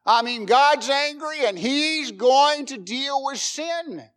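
A man's voice: very high voice, animated, slow, a bit bright. A middle-aged man preaching a sermon, emphatic, with rhetorical questions and folksy jokes. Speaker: pastor.

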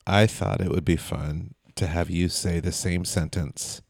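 Low gravelly man, rambling podcast chat. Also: steady tone, a little slow, a little mellow, no echo. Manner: rambling, filler-heavy storytelling. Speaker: podcast co-host. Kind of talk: casual chat.

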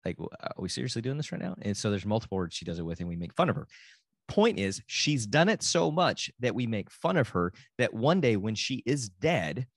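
A man's voice: fairly low pitch, very animated, moderate pace, no room sound. A middle-aged man from Texas with a Texan accent, talking casually and rambling with self-interruptions on his own podcast. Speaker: podcast host and dad. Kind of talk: casual solo podcast talk.

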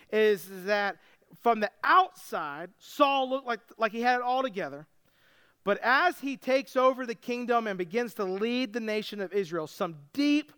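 A man preaching a sermon with a very high voice that is smooth and clear. He retells the story casually and breaks in with jokes, like a pastor talking to his church. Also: a bit bright. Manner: casual storytelling with joking asides.

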